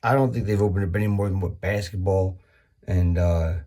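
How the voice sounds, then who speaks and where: A man doing a rambling, profane comedy monologue, full of restarts and sudden high-pitched bursts. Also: steady tone, a little fast, mellow.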